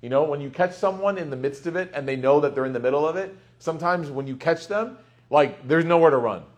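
A man giving a conversational lecture on Quranic commentary, animated and chatty with playful asides. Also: a little high, fast talker. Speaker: Islamic teacher.

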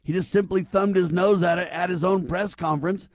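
A man's voice: sits high, fairly even intonation, a little fast, no room sound, clean studio sound. A man hosting a talk radio show, speaking emphatically and stacking rhetorical questions. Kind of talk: conservative talk radio commentary.

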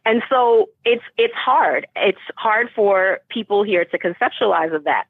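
A woman's voice: mid-range voice, lively intonation, a little slow, husky, dry recording. A woman from Boston who works as a teacher, talking in an emphatic, chatty way with lots of restarts. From Boston, United States. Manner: talkative, emphatic, frequent restarts. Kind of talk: casual conversation. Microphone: call audio. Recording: tinny phone line.

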